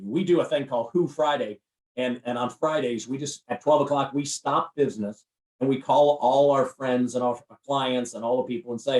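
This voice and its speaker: A man speaking as a podcast guest, giving an energetic, emphatic motivational talk with lots of repetition. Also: medium pitch, a little fast, distant mic. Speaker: guest, recruiting firm CEO and speaker. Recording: roomy, off-mic sound.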